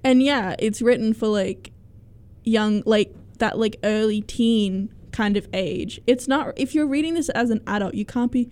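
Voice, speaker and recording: A young woman in casual chat, defending her view with laughter and quick interruptions. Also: on the high side, a little mellow. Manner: defensive, laughing, talks over the other speaker.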